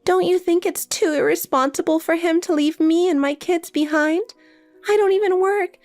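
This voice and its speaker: A woman's voice: extremely high pitch, normal speed, a little mellow. A synthetic woman's voice playing a desperate, pleading married older sister in a text story, with faint music behind. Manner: pleading, insistent.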